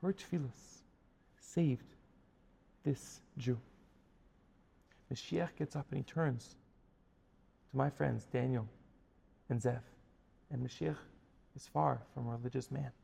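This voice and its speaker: A man telling a story in a sermon as a Torah teacher, dramatic, dropping to a hush and then rising to emphatic peaks. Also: mid-range voice, slow pace, creaky, pauses often, breathy edge, in a large hall. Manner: dramatic, swings from hushed to emphatic.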